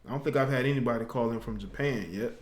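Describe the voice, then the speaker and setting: A man's voice: medium pitch, fast, noisy background. A man hosting a live call-in talk show, chatting casually in slang, chuckling as he reads out viewer comments. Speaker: livestream talk show host. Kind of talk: casual livestream chat, reading out viewer comments.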